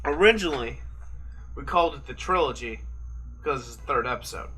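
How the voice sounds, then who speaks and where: A man's voice: medium pitch, animated, fairly quick, bright, forceful tone. A young American man co-hosting a podcast, chatting casually and swearing while watching a fight. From United States. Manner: rambling, swearing, joking. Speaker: podcast co-host. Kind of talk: casual late-night chat over a live fight.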